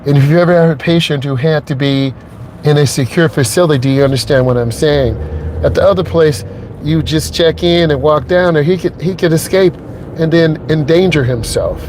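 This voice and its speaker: A man's voice: fairly high pitch, moderate pace, darkish tone, slight background noise. Emotional middle-aged man talking while driving. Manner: emotional, earnest, repeats points, asks "okay?". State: emotionally shaken. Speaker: driving instructor vlogger. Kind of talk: casual talk to viewers while driving. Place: inside a truck on the road.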